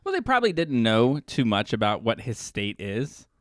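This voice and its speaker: A man's voice: medium pitch, huge pitch swings, normal speed, a bit bright, dry recording, studio quality. Teasing man podcast co-host. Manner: teasing, asks questions about the plot. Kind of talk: casual chat.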